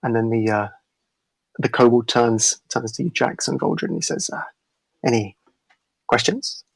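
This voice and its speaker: Male game master, tabletop narration, gravelly voice, halting delivery, dry close mic. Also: medium pitch, steady tone, no echo, low-quality recording. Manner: halting, many fillers and restarts.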